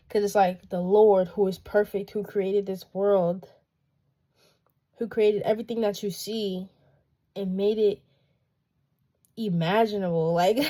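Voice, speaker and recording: A woman's voice: lowish voice, darkish tone. A young woman speaking earnestly and emotionally in a casual faith vlog, in loose run-on sentences. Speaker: vlogger.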